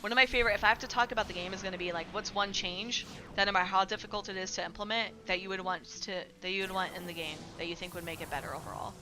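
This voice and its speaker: A woman's voice: mid-range voice, fairly even intonation, rapid-fire, few pauses, music in the background. A woman streamer chatting casually with her live chat, rambling with lots of filler words and casual swearing.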